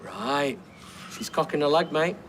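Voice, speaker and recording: An actor playing a cocky mate, ribbing a friend with cheeky banter. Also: male voice, on the high side, a little slow, fairly bright tone, a little hiss or hum. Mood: mocking. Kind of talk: TV soap acting.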